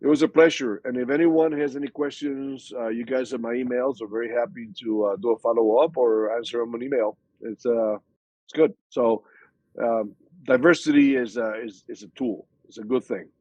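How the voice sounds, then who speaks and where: A man in his sixties, a guest in an interview, tells workplace stories in a lively, casual way, often repeating words and restarting sentences. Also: mid-range voice, normal speed, no room sound, highs cut off. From Hispanic background, from a Spanish-speaking country. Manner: animated storytelling with frequent restarts and repeated words. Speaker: guest speaker.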